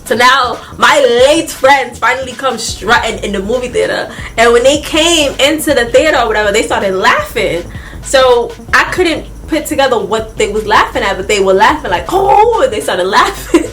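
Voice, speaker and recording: A young woman telling a casual storytime vlog, animated and laughing often, talking straight to her viewers. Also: a little high, normal speed, faint music behind. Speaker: vlogger.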